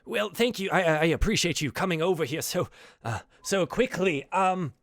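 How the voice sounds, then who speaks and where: A man's voice: high-pitched, animated, normal speed, a bit bright, dry recording, clean studio sound, pitched above the performer's own voice. A man voicing a flamboyant male wizard and chronicler who boasts and chuckles as he asks for help. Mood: grandiose. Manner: grandiose, chuckling showman.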